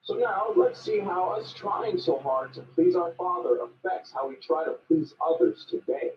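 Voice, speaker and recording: A man voicing a calm alter ego of himself who guides and explains. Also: high-pitched, normal speed, reverberant, slight background noise. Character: man's calm inner guide, a second self. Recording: dull sound from a distant mic.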